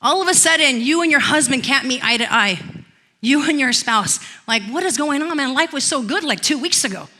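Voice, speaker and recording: High bright-voiced woman pastor preaching. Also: expressive, a little fast. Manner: storytelling, swells to loud declarations. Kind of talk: sermon. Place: church.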